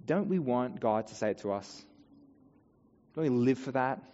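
A man's voice: medium pitch, animated, moderate pace, a little hiss or hum. Earnest male preacher in an echoing hall. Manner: earnest preaching, builds to emphatic peaks then drops soft. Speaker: pastor. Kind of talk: sermon. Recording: dull sound in a long-reverb hall.

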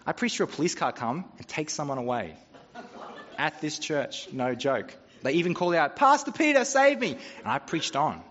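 A man's voice: mid-range voice, expressive, moderate pace, fairly bright tone, a little hiss or hum. A man preaching a sermon as pastor, telling stories with humor in a conversational way. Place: church. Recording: dull sound with long church reverb.

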